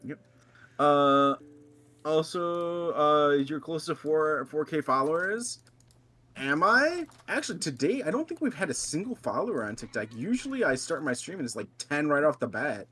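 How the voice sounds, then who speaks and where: Relaxed man streaming a game. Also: on the high side, moderate pace, soft background music. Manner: relaxed, reads out chat messages. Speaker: streamer and co-player. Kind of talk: casual chat while gaming.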